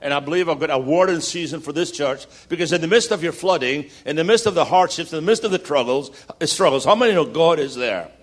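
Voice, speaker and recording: Guest preacher, male, higher-pitched, rousing and humorous. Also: lively intonation, fast, hardly any pauses. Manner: rousing, builds to loud repeated declarations; jokey storytelling asides. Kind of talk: sermon.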